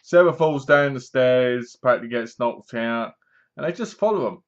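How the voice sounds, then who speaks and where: A man talks through a horror film in a loose, rambling way, full of asides. His voice sits at a middling pitch. The recording is dull and lo-fi. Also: normal speed. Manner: rambling, chatty retelling with asides. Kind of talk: casual film review.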